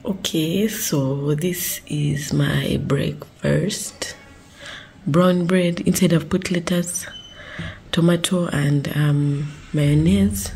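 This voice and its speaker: A young woman from Uganda talking casually to her phone camera in a vlog, chatty and often sliding into soft half-whispered asides. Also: sits low, steady tone, extremely slow, vocal fry, a little hiss or hum, low-quality recording. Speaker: vlogger.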